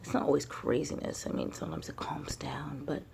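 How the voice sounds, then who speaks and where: A woman's voice: low-pitched, steady tone, brisk, creaky, a little mellow, whispered. A woman talking casually to camera in a rambling spiritual vlog, full of fillers like "like" and "you know" and casual swearing. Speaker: spiritual vlogger.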